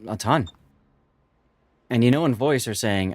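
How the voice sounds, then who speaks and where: A man's voice: medium pitch, expressive, a little slow, long pauses, no echo. Man explaining tactics on a live stream. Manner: explanatory, walks viewers through tactics. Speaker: streamer and tournament commentator. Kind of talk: live game commentary.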